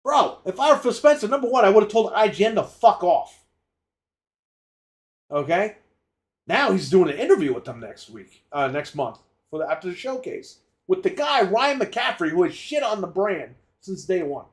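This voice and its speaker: A man's voice: high-pitched, sing-song, normal speed. A man co-hosting a gaming podcast, ranting in a heated, profane way. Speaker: podcast co-host. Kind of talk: casual gaming podcast rant.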